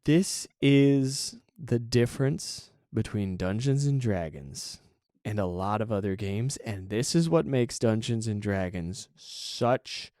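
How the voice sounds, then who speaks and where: Low-voiced man telling a rambling story. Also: lively intonation, takes it slowly, warm tone, dry recording, clean studio sound. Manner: rambling, chatty, with many fillers and asides. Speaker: podcast host. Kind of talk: casual storytelling monologue.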